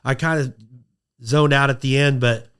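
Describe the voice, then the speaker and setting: A man telling a long story on a podcast in a casual, lively way, acting out quotes in a high excited voice. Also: moderate pace, smooth. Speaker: podcast guest.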